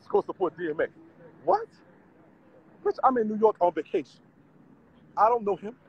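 A man's voice: sits high, huge pitch swings, normal speed, breathy edge, highs cut off. A man, vlogging on city streets in a brash, profane, laughing rant. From Louisiana. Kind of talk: casual street vlog rant.

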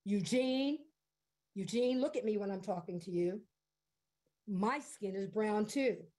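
A woman storyteller voicing a calm, kind male school principal, speaking gently, slowly and reassuringly. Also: mid-range voice, natural voice. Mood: gentle.

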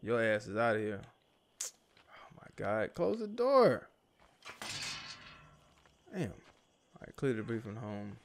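A man's voice: lowish voice, steady tone, measured pace, pauses often, slight background noise. A young man, a father, casually commenting on a survival game as he plays, cursing and talking to himself and the characters on screen. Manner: loose, profane, talks to himself and the game. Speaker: gaming YouTuber.

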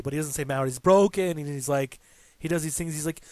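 A young man co-hosting a casual gaming video, telling stories excitedly and saying "like" a lot. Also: on the high side, fast, no room sound. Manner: excitable storyteller, heavy "like" filler. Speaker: let's-play co-host.

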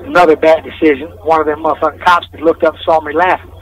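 A man tells a rambling story in street slang, swearing all the way through, and his voice sits a little high for a man. He sounds distant over a noisy phone line, as if calling in from a jail phone. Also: fairly even intonation, fast talker. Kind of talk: casual spoken storytelling. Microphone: phone call.

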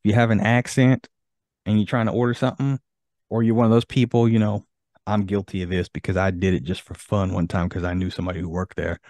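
A man's voice: lowish voice, level tone, fast, a little mellow, dry recording, clean studio sound. A man hosting a podcast in casual chat, easygoing and reading from an article. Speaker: podcast host.

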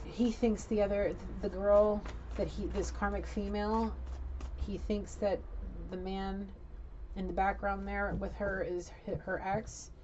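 Mellow, blunt woman giving a casual reading. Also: mid-range voice, level tone, measured pace, muffled recording, a little hiss or hum. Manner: rambling, blunt, chatty, swears. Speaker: psychic tarot reader.

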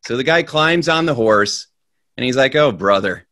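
Man, motivational speaker, mid-pitched voice, storytelling, energetic delivery. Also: normal speed, no room sound. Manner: animated storyteller, grows loud and high in the punchline. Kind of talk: motivational talk with a told joke.

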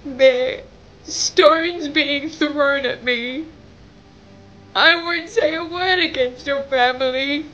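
A young woman speaks straight to the camera in a high, slow voice, pleading and tearful. Her voice breaks as she cries at times. The recording is dull and lo-fi, with a faint rumble underneath. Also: fairly bright tone. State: crying at times. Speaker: vlogger. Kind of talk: emotional direct-to-camera message.

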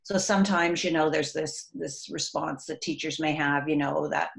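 A middle-aged woman with a low voice speaks earnestly about teaching in an interview. Her tone brightens and gets animated when she recounts stories from her classroom. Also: moderate pace, gravelly, hardly any pauses. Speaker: author and educator. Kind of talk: recorded interview.

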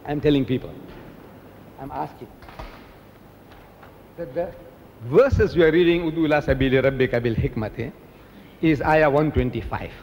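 An older man from South Africa giving an animated public lecture, telling stories and mimicking the people in them. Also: medium pitch, normal speed, pauses often, in a large hall, a little hiss or hum. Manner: animated storytelling, mimicking others. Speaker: preacher.

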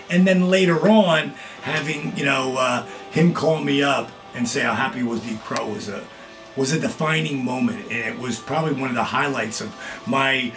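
A middle-aged man hosting his own video blog, telling casual stories with lively acted-out quotes. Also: medium pitch. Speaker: vlog host, former wrestler. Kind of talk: casual storytelling.

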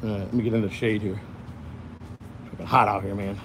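A man hosts a livestream from his phone while walking outdoors in hot sun, ranting angrily and profanely. His voice is fairly low with little pitch movement, and he speaks briskly over background noise.

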